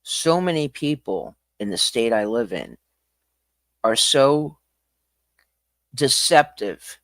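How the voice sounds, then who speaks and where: A man hosting a livestream, talking casually in an animated, ranting way that swings from quiet to loud. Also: medium pitch, slow, no echo, clean studio sound. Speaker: livestream host.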